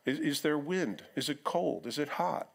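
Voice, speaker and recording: A man's voice: a little high, expressive, normal speed, creaky. A middle-aged male pastor giving a sermon in church, talking in a conversational way and acting out quotes in other voices.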